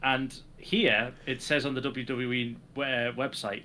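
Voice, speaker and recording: A man's voice: mid-range voice, level tone, measured pace, sharp tone, a little hiss or hum. A man co-hosting a casual wrestling podcast, sarcastically recapping the week's shows. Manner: sarcastic, recaps segments with acted quotes. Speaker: podcast co-host.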